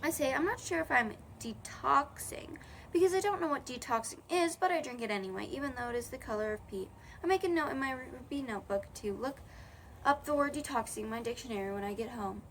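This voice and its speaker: A woman's voice: high-pitched, expressive, brisk, fairly bright tone, a little hiss or hum. Casual woman reading a children's book. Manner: casual, with slips and self-corrections. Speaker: audiobook reader. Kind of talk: reading a children's novel aloud.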